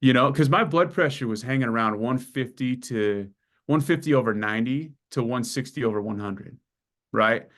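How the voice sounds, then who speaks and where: A man in his forties talks through his story in a loose, casual interview. He is animated and swears a lot, and he puts on the voices of the people he meets as he goes. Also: mid-range voice, normal speed. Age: 40s. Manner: animated storyteller, acts out dialogue, swears freely. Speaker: client giving a testimonial.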